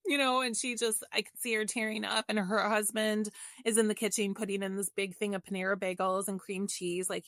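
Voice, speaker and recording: A woman's voice: medium pitch, gravelly, fairly bright tone, no echo, clean studio sound. A middle-aged woman, a podcast guest, telling a personal story in an open, reflective and emotional way in casual conversation.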